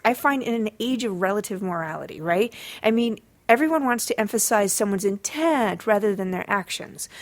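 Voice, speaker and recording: A woman hosting a dog training podcast, talking casually with sarcastic asides and frequent fillers. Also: mid-range voice. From Los Angeles area.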